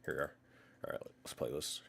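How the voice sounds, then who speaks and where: A man's voice: fast, fairly bright tone, slight background noise. A young man hosting a live stream, chatting loosely with his viewers, thinking aloud, swearing and laughing often, speaking into a condenser microphone. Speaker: livestream host. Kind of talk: casual live-stream chat.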